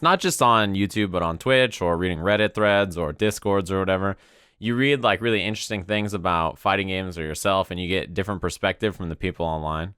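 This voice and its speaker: A man's voice: on the low side, fairly bright tone, clear, resonant tone, dry recording, studio quality. A man in his twenties chatting casually on a stream, laid-back, rambling and profane, often tagging "right?" onto his sentences. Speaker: streamer and fighting game commentator. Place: home room with a window.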